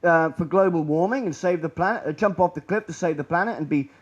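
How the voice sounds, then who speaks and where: A man giving a public presentation in a lecture room, rambling and sardonic, often trailing off quietly. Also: on the high side, fast talker, breathy edge, muffled recording.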